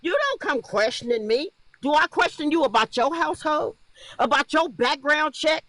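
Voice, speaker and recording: Furious high-voiced woman ranting. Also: animated, normal speed, no room sound. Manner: furious, profane, shouting and repeating herself. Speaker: livestreamer. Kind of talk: angry livestream rant.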